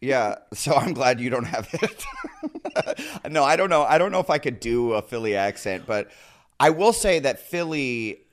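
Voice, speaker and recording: Animated man with a lively voice. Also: measured pace, a little hiss or hum. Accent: Nebraska. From Nebraska, USA. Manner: animated, jumps into loud high character voices. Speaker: guest comedian. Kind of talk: casual comedic storytelling.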